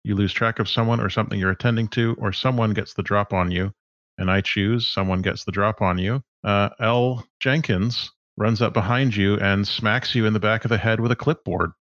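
A man running a tabletop game as game master, his voice sitting low. He walks through rules and action with easy, halting explanations. The sound is dull and dry, like an online call. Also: fairly even intonation, a bit bright, no echo.

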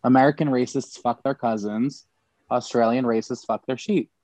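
Man, podcast co-host, casual chat, dry humor, mid pitch, dry dull recording. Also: steady tone, normal speed, darkish tone, dry recording.

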